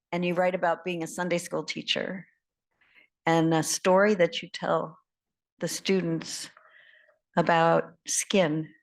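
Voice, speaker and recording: A woman moderating a fireside chat, asking questions in a measured, thoughtful and somewhat halting way. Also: on the low side. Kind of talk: interview questions.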